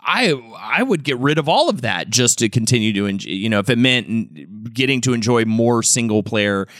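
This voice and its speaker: This podcast co-host talks at a normal speed with lively intonation in a medium-pitched, slightly bright voice. He chats casually and enthusiastically, rambling and restarting frequently, in a clean studio with no echo.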